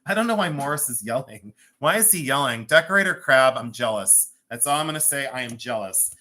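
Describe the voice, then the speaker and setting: Bright, chatty live-sale host. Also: medium pitch, lively intonation, a little fast. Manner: chatty, joking, laughs often. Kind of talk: live-stream selling chat. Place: home.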